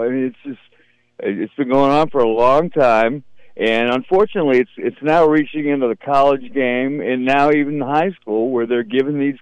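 A man in his fifties hosts a sports radio show, his medium-pitched voice darkish and clean. He's opinionated in this casual sports radio chat and often repeats words. The recording has no room sound but a lo-fi quality.

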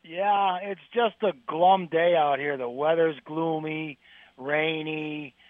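A man's voice: on the high side, steady tone, slow, no echo. Glum male caller on a tinny phone line. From New England. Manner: glum, rambling complaint. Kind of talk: call-in sports talk. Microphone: telephone.

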